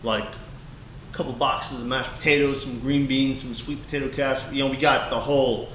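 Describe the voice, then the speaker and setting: A young male podcast co-host tells a heartfelt story in casual chat, rambling and restarting often. His mid-range voice is flat, fairly bright and a little fast, recorded in an echoey room with faint background hiss.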